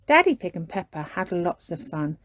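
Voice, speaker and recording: A woman reading a children's storybook aloud, gentle and unhurried. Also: fairly low pitch, big pitch swings, no echo.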